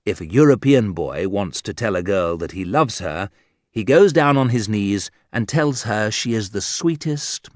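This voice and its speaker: Slow, wry male audiobook narrator. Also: a little mellow, no echo. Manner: dry, wry delivery with sudden lifts in pitch. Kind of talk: scripted humorous narration.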